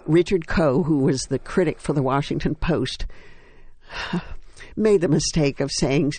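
An older woman, a stage actress, reminiscing in an interview with a wry, unhurried storytelling manner. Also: low voice, mellow, slightly rough, dry recording.

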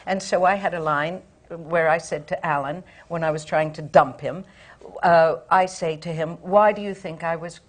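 A woman's voice: low voice, normal speed. A woman, a stage actress, telling a theatre anecdote on a panel, laughing often as she goes. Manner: lively storyteller, laughs often.

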